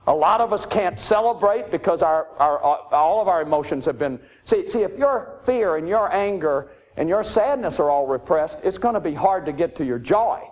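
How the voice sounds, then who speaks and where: A man's voice: high-pitched, expressive, normal speed, few pauses. A man giving an emphatic, repetitive lecture to an audience about emotional abuse and grief. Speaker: lecturer on addiction and recovery.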